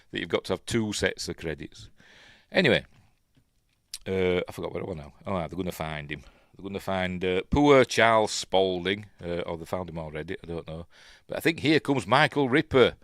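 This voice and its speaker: Recorded cleanly in a studio with no room sound, this Yorkshire-accented film review host has a lowish, slightly bright voice. He watches an old film and commentates casually, rambling along with lots of fillers.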